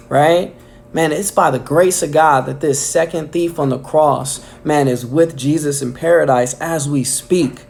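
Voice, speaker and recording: A man's voice: a little high, a little slow, vocal fry, darkish tone. A man delivering a casual weekly devotional message, enthusiastic and filling his talk with "man" and "um". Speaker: preacher.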